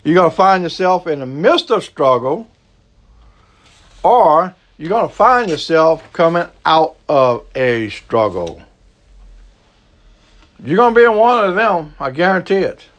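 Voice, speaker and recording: A Cajun man from the American South preaches with a lively, swooping voice that climbs high on each push and sinks low and hushed to land a point. He speaks slowly and deliberately and keeps circling back to his key phrases. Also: lo-fi sound. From Southern United States. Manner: emphatic preaching, repeats key phrases, drops to a low slow hush for stress. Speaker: pastor. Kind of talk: sermon.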